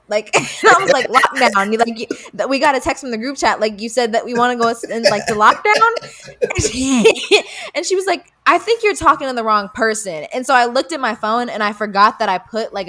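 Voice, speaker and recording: A woman's voice: fairly high pitch, animated, a little fast, pushed and bright. A young woman co-hosting a podcast, retelling a story casually with lots of fillers, swearing, and acted-out quotes. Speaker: podcast co-host.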